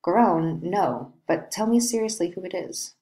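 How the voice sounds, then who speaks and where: A woman's voice: lowish voice, expressive, unhurried, mellow. A woman reading the part of an earnest young man who coaxes and questions his cousin. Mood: coaxing. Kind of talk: reading a play aloud.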